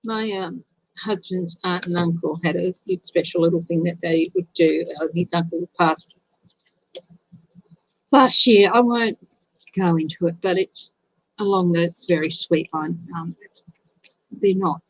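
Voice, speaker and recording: Brief: woman tarot reader, chatty and emotional, unhurried delivery, dry close sound. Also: fairly low pitch, fairly even intonation, dry recording, poor audio. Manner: chatty, emotional, reads out viewer comments. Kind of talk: casual live tarot reading.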